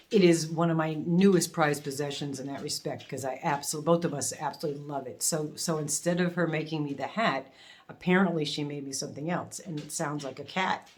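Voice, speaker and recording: A middle-aged woman hosting a casual unboxing vlog, gushing and emotional, quick to laugh as she opens gifts. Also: low-pitched. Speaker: crafting channel host.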